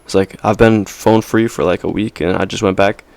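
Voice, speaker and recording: A man's voice: on the low side, steady tone, moderate pace, creaky, darkish tone, no echo. A young man vlogging in a casual, rambling monologue, peppered with slang and "right?" checks.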